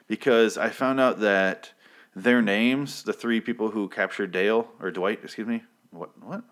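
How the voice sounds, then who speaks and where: A man's voice: on the low side, normal speed, a bit bright. A man giving a casual, rambling TV episode recap, sardonic and swearing freely, now and then acting out characters with short outbursts.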